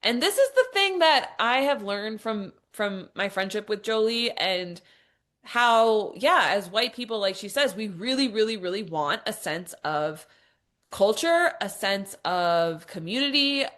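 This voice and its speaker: A woman's voice: mid-range voice, lively intonation, a little slow, fairly bright tone. A woman hosting a podcast, ranting in an exasperated, mocking, profane way with lots of "like". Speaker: podcast host. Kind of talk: opinionated podcast monologue.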